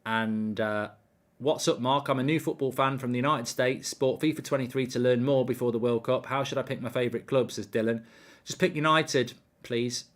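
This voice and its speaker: A man's voice: medium pitch, fairly even intonation, moderate pace. A man hosting a live football watchalong stream, chatting casually, rambling with lots of ums and reading viewers' comments aloud.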